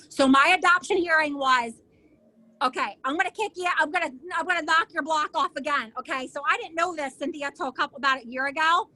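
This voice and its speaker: Indignant high-voiced middle-aged woman. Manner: animated, acts out other people's lines. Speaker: interview guest. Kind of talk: emotional personal storytelling.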